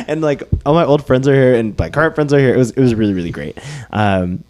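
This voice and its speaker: A man co-hosting a podcast in casual chat, animated and quick to laugh, swearing freely. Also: mid-range voice. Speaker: podcast co-host.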